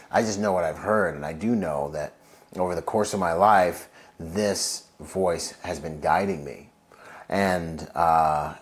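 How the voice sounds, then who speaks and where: Low-voiced man telling war stories. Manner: loose, heavy use of "like" and "you know"; acts out quoted voices in his stories. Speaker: guest, Marine veteran. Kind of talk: casual storytelling interview.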